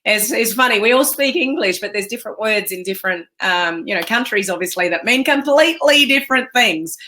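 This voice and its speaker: On a live stream, an Australian woman coaching in business gives a forceful, energetic pep talk and talks with viewers. Her pitch is medium and her delivery a little fast.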